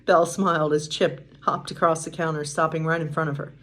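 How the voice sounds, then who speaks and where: A woman's voice: low-pitched, little pitch movement, brisk, fairly bright tone. A woman pastor reading a bedtime story aloud, with chatty, casual asides and laughs.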